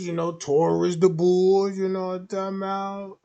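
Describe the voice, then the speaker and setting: A man's voice: high-pitched, little pitch movement, normal speed, gravelly, hardly any pauses, dark tone, lo-fi sound. A man streaming a casual, rambling monologue, slangy and full of repeated fillers.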